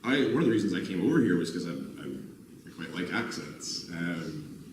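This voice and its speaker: An American actor from the United States answering questions at a live screening Q&A, jokey and quick to laugh. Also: male voice, deep voice, lively intonation. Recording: echoey hall from far off, loud noise.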